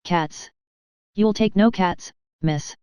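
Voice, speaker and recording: A woman's voice: mid-range voice, takes it slowly, dark tone, smooth, no room sound, lightly acted. A woman voicing a stern, proud, cold aunt in a storybook, curt and commanding.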